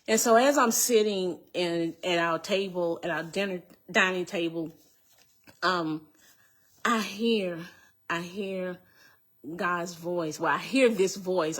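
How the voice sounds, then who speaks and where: A woman's voice: lowish voice, fairly even intonation, a little slow. A woman giving a personal testimony, speaking earnestly, repeating phrases and addressing her listeners directly.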